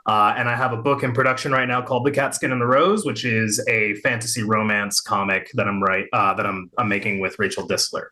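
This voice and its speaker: A man's voice: fairly low pitch, steady tone, a little fast, hardly any pauses, sharp tone. A man from Arkansas with no regional accent, a comic writer chatting as an interview guest with many fillers and restarts. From Little Rock, Arkansas. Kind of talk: casual interview chat.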